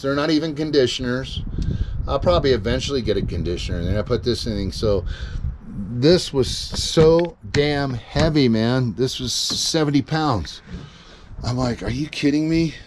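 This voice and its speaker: A man's voice: medium pitch, normal speed. A middle-aged American man, a solo gigging musician, showing his gear in a casual, rambling vlog full of fillers and the odd swear word. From USA. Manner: rambling, swears freely, many fillers and restarts. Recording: noisy home video recording.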